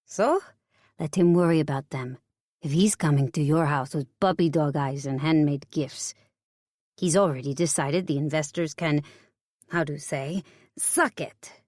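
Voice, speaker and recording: A woman's voice: low-pitched, moderate pace, a little mellow, no room sound, clean studio sound. A woman voicing a blunt, theatrical French woman friend with a French accent, frank and teasing.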